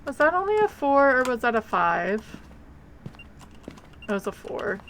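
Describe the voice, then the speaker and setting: A woman's voice: fairly high pitch, very animated, a little slow, a bit bright, slight background noise. A woman streamer chatting casually while playing a game, rambling and blunt, with offhand swearing. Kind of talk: casual live game commentary.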